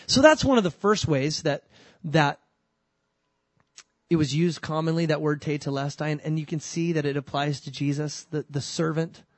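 A male pastor with a slightly high voice preaches at a moderate pace, with no room sound in the recording. He sounds animated and conversational, going from loud emphasis to soft asides, several of them humorous.

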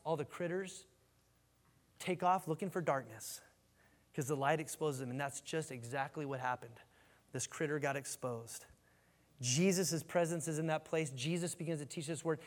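A man preaches with lively energy, stumbling over and repeating words as he builds his points. His voice sits a little higher than most men's. The sound carries a long reverb, as in a large church sanctuary. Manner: animated preaching with repeated restarts. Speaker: pastor. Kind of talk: sermon.

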